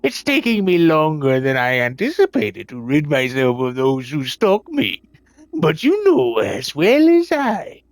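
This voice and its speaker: A man's voice: on the high side, huge pitch swings, a little slow, no echo, full character voice. A man voicing a swaggering old-time pirate captain as he reads a letter aloud, in a hammy put-on pirate accent. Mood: grandiose.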